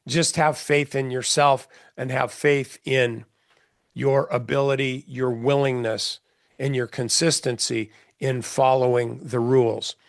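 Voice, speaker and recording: A man's voice: medium pitch, little pitch movement, a little slow, no echo, clean studio sound. Blunt, folksy man talking markets. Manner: blunt, folksy, chatty with many fillers and restarts. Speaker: trading mentor. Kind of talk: casual market commentary session.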